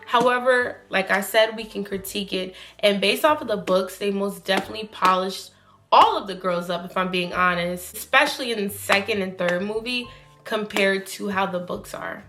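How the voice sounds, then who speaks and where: A woman's voice: medium pitch, normal speed. Woman chatting her takes to camera, opinionated, punchy, bit of music under it. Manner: animated, opinionated, with frequent emphatic rises. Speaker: YouTube commentator. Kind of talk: casual opinion commentary.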